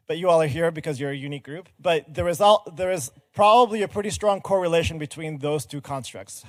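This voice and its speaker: A man's voice: a little high, dry recording. A middle-aged man giving an earnest, explanatory talk from a conference stage and engaging the audience directly. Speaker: conference speaker.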